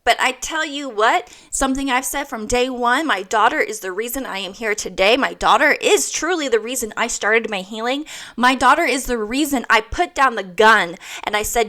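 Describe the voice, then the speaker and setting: A host in her thirties gives a motivational monologue in a bright, forward voice on the high side, at a moderate pace. Blunt and swearing heavily, she hammers each point home through emphatic repetition.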